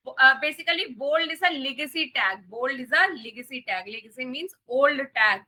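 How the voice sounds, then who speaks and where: A woman's voice: sits high, lively intonation, normal speed, pushed and bright, poor audio. A woman with an Indian English accent teaching a live coding lesson, repeating key points and checking that students understand. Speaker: coding instructor.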